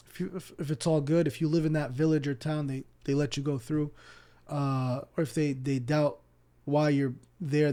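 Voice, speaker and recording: A man from Palestine's West Bank, a guest on a podcast, telling stories in an animated way and acting out the people in them. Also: on the high side. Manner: animated, acts out dialogue, repeats words when starting sentences. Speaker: podcast guest, Islamic teacher. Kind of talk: casual storytelling interview.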